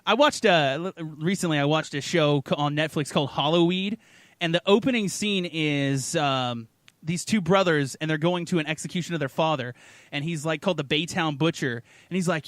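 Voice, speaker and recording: A man's voice: a little high, moderate pace, no echo. A man hosting a podcast, chatting crudely and animatedly, often breaking into silly voices. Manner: animated, profane, jumps into funny voices. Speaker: podcast host. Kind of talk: crude casual chat.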